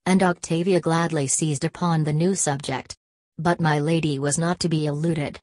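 Low-voiced woman narrating a story. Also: moderate pace, darkish tone, no echo.

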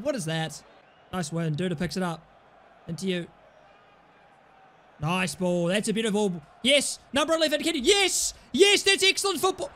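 A man with a very high, bright voice giving live gameplay commentary as he plays. He flips between low mutters and sudden yells, trading cheeky, sweary banter with his teammates. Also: a little hiss or hum. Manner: excitable, swings between muttering and yelling. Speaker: gaming YouTuber.

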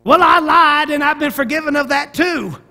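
A man's voice: extremely high pitch, normal speed, sharp tone, voice pushed up, full character voice. A man with a Southern American accent voicing a jubilant, newly baptized Southern convict with an exuberant drawl. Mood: joyful.

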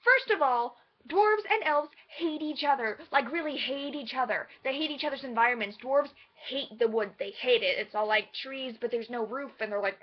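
A woman rants in a casual vlog, animated and sassy. Her voice is high. The recording sounds slightly muffled and lo-fi. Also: normal speed. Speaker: vlogger.

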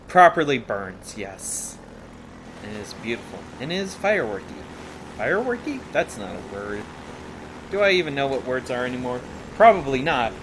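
Over a noisy background with game sounds beneath his voice, a medium-pitched man hosts a let's play. His commentary rambles playfully, and he often jokes about himself.

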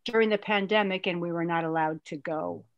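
A woman guest, an actress, chatting and telling stories in an animated way, with a lot of restarts. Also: fairly low pitch, brisk, dry recording, dull audio. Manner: animated, rambling storyteller with many restarts. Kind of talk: casual interview chat.

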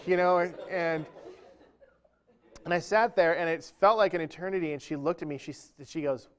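A man's voice: a little high, fairly even intonation, normal speed. A man speaking at a church event, telling a humorous, self-deprecating story within a sermon-style talk.

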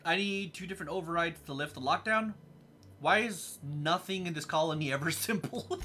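A man hosting a let's-play, giving casual commentary in a quick, sarcastic, reactive way. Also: fairly high pitch, sharp tone, a little hiss or hum. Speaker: gameplay host.

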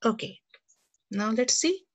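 A woman teaches young children and reads them a story, speaking to them cheerfully and directly. Her voice sits on the high side, with lively intonation and a slow pace.

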